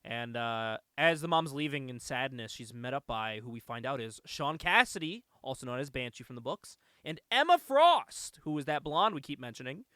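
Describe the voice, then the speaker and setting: A man hosting a podcast, recapping a movie in casual chat, animated and laughing often with casual swearing. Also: medium pitch, moderate pace, few pauses, no room sound, studio quality. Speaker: podcast host.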